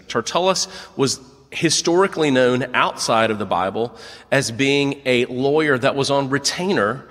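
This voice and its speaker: A man preaching a sermon, retelling scripture as a lively story and acting out the quotes himself. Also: medium pitch, big-room sound. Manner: animated storytelling, acts out quotes. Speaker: pastor.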